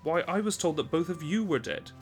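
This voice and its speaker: A man's voice: on the high side, lively intonation, fairly quick, voice pushed up, close to an everyday voice. Male reader voicing a trusting young samurai, earnest and formal in speech. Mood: astonished. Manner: earnest and courteous. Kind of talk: storybook reading.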